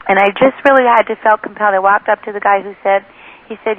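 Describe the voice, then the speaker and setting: A woman's voice: mid-range voice, steady tone, fast talker. A woman author and spiritual teacher giving an interview, telling stories with enthusiasm and often quoting other people. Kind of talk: phone interview, teaching talk. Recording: tinny phone line.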